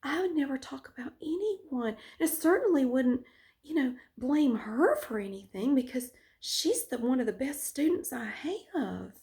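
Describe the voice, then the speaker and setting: Lady doing a two-faced teacher guy, all stammery fake innocence, way up high. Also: animated, measured pace, a little mellow. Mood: syrupy apology. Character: two-faced male teacher, falsely sweet.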